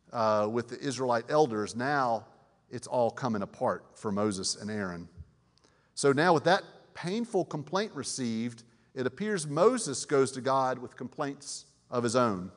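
A male pastor delivers his sermon in a relaxed, talky manner, stumbling over restarts and often checking in with his listeners. His voice sits at an ordinary pitch, and a long reverb trails behind it in a large church hall. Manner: conversational, many fillers and restarts, asks the audience questions.

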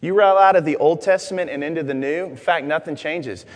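Young male preacher, animated and joking, higher voice, reverberant hall. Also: a little fast. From Arkansas, USA. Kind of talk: sermon.

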